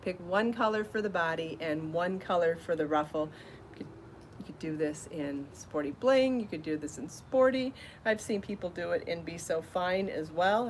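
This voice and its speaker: A woman hosting a live crafting show, chatty and enthusiastic, out of breath from rushing around and trying on garments. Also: medium pitch, slight background noise. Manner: chatty and enthusiastic, laughs at herself. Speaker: podcast host showing her yarn designs. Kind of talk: casual live show chat.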